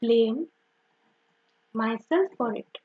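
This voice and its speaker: Young teacher lady, high bouncy voice, keeps saying okay, kinda muffled recording. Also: extremely slow. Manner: repetitive, uses "okay" and "so" often, self-correcting. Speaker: English grammar teacher. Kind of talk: explanatory teaching. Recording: dull lo-fi recording.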